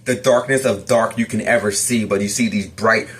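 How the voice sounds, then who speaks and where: A man's voice: fairly low pitch, steady tone, moderate pace, a bit bright. A man telling a personal story of a frightening dream, acting out his own lines as he goes. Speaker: testimony storyteller.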